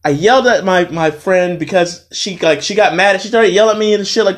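A man hosting his own podcast, telling a workplace story in a profane, animated way and tired after a long day. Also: high voice, fairly quick. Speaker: podcast host. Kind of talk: casual storytelling monologue.

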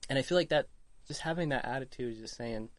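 A woman hosting a casual podcast chat, relaxed and reflective, letting her sentences trail off loosely. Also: very deep voice, quick pace, dry recording. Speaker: podcast host.

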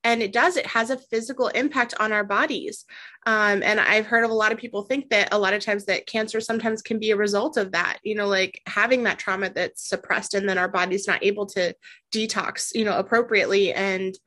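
A woman's voice: medium pitch, steady tone, brisk. A woman hosting a podcast, chatting casually with many fillers. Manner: warm, chatty, many fillers like "you know". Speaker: podcast host.

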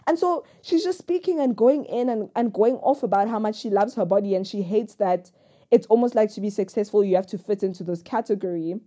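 Young female vlogger, warm low-key tone, candid and rambling, jumps tangents, pokes fun at herself. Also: a little fast. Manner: rambling, jumps between thoughts; frank and personal, self-mocking humor. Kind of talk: candid confessional vlog talk.

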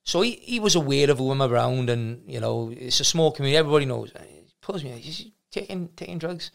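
Middle-aged man, gym-owner guest; rapid, gravelly, frank, full of restarts. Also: medium pitch, expressive. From South Wales. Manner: rambling, frank, with many restarts. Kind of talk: casual storytelling interview.

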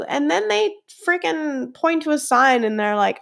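Woman, thirties, podcast host, personal story, earnest and rambling, slightly high voice. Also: expressive, a little slow, vocal fry, few pauses. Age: 30s. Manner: earnest, rambling with many "like" and "um" fillers.

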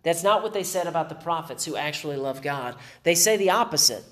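A man's voice: a little high, lively intonation, brisk, fairly bright tone. A male pastor preaching a sermon in an emphatic way, with dry sarcastic humor.

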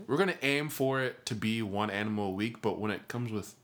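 A man's voice: lowish voice, brisk, a bit bright. A young man co-hosting a casual podcast, rambling in slang and calling his friend bro. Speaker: podcast co-host.

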